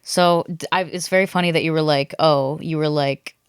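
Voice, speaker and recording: A woman's voice: deep voice, fairly even intonation, moderate pace, smooth, dry recording, clean studio sound. A woman in her twenties hosting a podcast, telling a dating story in casual chat and acting out the people she quotes. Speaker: podcast host.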